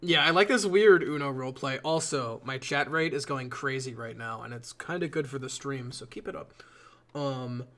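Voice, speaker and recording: A man's voice: medium pitch, normal speed, fairly bright tone. A man chatting casually to his viewers while building in a game, rambling and swearing as he goes. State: yawning a lot. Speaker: live streamer. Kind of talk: casual live-stream commentary while building.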